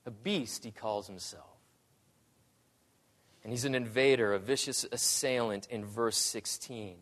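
Slow, dramatic preacher in a reverberant hall. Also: male voice, medium pitch. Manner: dramatic, swings from hushed to loud. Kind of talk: sermon.

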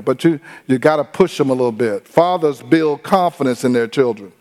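A man preaching a sermon in a lively, humorous way, acting out other people's voices now and then. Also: mid-range voice, normal speed, soft background music. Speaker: pastor.

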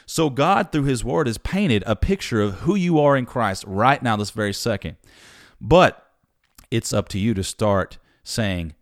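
A man's voice: mid-range voice, no room sound, clean studio sound. A man preaching a sermon in a conversational, emphatic storytelling manner.

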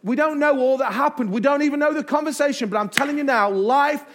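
A man preaching as a pastor in a church, emphatic, with dramatic pauses and repetition. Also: very high-pitched, a bit bright. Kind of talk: sermon. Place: church sanctuary.

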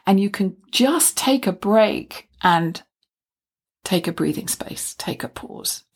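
Middle aged woman, soft airy voice, mid pitch, musing gently about self-acceptance. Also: expressive, takes it slowly, slightly rough. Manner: gentle, musing, with acted-out asides. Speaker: self-development speaker. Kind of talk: reflective spoken talk.

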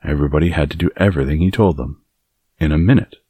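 A man's voice: very deep voice, fast talker, mellow, breathy edge, no echo, studio quality. A man reading an audiobook voices a curious, blunt little girl who speaks in a plain, matter-of-fact way. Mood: earnest.

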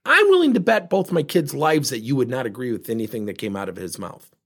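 A man's voice: medium pitch, sing-song, fast, gravelly, a bit bright. A middle-aged man, a leadership speaker, telling a coaching story and acting out both sides of the conversation.

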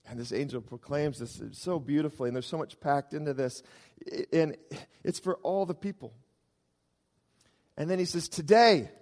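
Male pastor, animated sermon delivery, higher voice, long hall reverb. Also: moderate pace. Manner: animated preaching, swings between loud emphasis and quiet asides.

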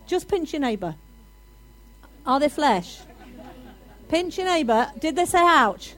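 A woman preaching a sermon to a congregation, animated and building to loud, emphatic declarations. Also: sits high, slow, a faint crowd, low-quality recording.

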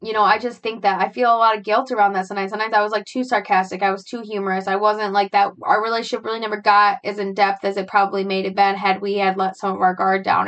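A young adult woman hosting a podcast, talking through her feelings in a halting, searching way, with frequent sighs and fillers. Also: mid-range voice, fairly bright tone, lo-fi sound. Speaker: podcast host. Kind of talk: personal reflective monologue.

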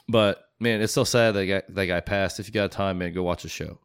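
A man with a very low, smooth voice hosts a podcast, rambling loosely and swearing freely. He sounds laid-back and unscripted. The sound is dry and close, with no room echo. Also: fairly even intonation, brisk, few pauses. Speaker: podcast host. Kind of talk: casual chat.

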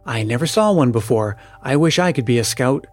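A man voicing a curious, excitable little boy who speaks eagerly in a storybook reading. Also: mid-range voice, a little fast, faint music behind, natural voice.

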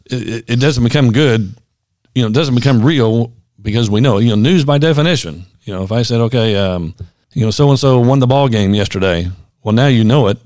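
A man's voice: medium pitch, brisk, darkish tone, no room sound, clean studio sound. A man, a former pastor who co-hosts a podcast, chatting casually and reading quotes aloud. He talks in a reflective, thoughtful way and often restarts his sentences.

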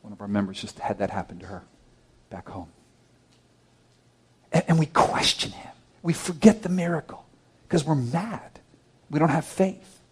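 Man, pastor, sermon, expressive preaching, somewhat high-pitched, swings loud and soft. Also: normal speed, long pauses, breathy edge. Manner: expressive preaching, swinging between loud emphasis and hushed, low asides.

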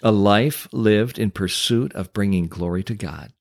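A man's voice: on the low side, unhurried, gravelly, dry recording, studio quality. A man hosting a Christian teaching podcast, speaking in an emphatic preacherly way with rhetorical questions. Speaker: podcast host and Christian coach.

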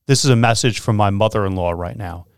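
A man hosting a real estate radio show, talking in an energetic, animated way and laughing easily. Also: lowish voice, quick pace, clean tone, no echo, clean studio sound. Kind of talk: excited casual radio talk.

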